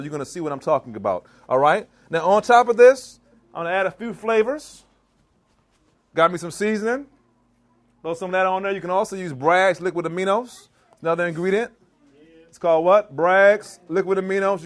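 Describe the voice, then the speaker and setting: High-pitched guy from maryland doing a cooking demo, lively, keeps quizzing the crowd. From Maryland, US East Coast. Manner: animated, teasing, asks the crowd questions. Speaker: chef giving a cooking demo. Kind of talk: live cooking demonstration to an audience. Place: church hall.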